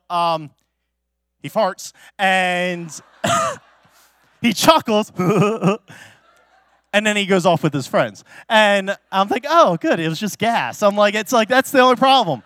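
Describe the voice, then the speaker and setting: A man with a notably high voice preaches as a pastor, telling stories in a loose, conversational way. He fills his talk with fillers and restarts. The sound is dry and close, with little room echo. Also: very animated, takes it slowly, pauses often, fairly bright tone, clean tone. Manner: chatty, with many fillers and restarts. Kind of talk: casual storytelling sermon. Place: church.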